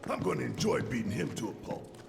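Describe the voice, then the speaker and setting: Barrett, a gravelly hothead. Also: male voice, mid-range voice, lively intonation, fast talker, over music. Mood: angry. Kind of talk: video game dialogue.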